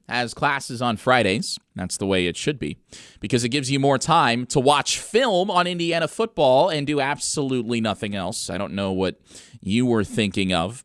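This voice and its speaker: A man's voice: fairly low pitch, a bit bright, dry recording. Dry, sarcastic young male sports radio host. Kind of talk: sports talk radio commentary.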